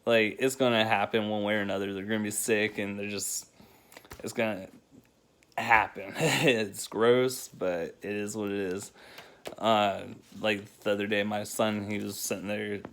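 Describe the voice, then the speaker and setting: A man's voice: fairly low pitch, flat delivery, a little slow, a bit bright, smooth. A man, a single father, hosting a casual countdown vlog, laughing often as he tells loose, rambling stories.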